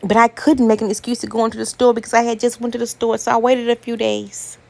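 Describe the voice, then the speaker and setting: A woman telling a dramatic first-person story in an unhurried, deliberate way. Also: fairly high pitch, little pitch movement, gravelly, darkish tone.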